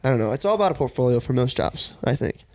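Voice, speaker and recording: A young man hosting a casual podcast chat, relaxed and swearing freely. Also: medium pitch, fast, dry recording. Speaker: podcast host.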